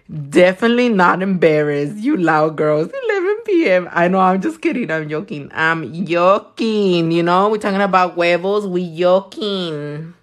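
A woman, a nail technician chatting loudly and crudely on a livestream while she works, teasing and laughing a lot. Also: lowish voice, animated, normal speed. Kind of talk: casual livestream chat while doing nails. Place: her own room.

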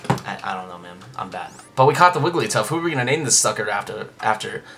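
A man's voice: on the low side, sing-song, fast talker, a bit bright, faint music behind. A young man hosting a casual Let's Play, chatting and rambling with lots of restarts and side comments.

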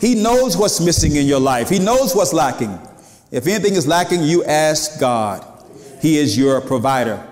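A man's voice: on the high side, expressive, normal speed, darkish tone. A male pastor delivering a sermon, leading a recitation and then preaching with building emphasis. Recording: echoey hall reverb.

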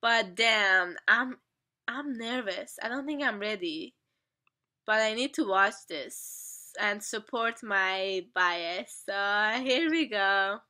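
A young woman hosting a casual music video reaction, gushing and stammering with excitement. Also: mid-range voice, takes it slowly.

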